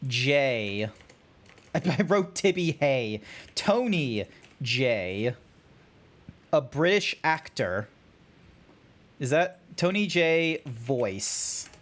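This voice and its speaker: A man's voice: fairly high pitch, big pitch swings, very slow, pauses often, fairly bright tone. Laid-back Australian streamer guy. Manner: chatty, swears casually, laughs easily. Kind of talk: casual gaming livestream chat.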